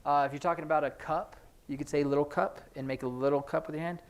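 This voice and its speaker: A man teaching a sign language class in a church classroom, explaining each sign as he demonstrates it, with hurried asides about the time. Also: on the high side, fairly even intonation. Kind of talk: classroom instruction.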